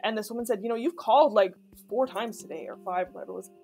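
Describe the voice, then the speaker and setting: A woman's voice: medium pitch, expressive, fast talker, vocal fry, darkish tone, faint music behind. A woman from Canada, talking candidly in a documentary interview in a chatty way, full of fillers. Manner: candid, chatty, many fillers like "like" and "you know". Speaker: interviewee telling of being stalked.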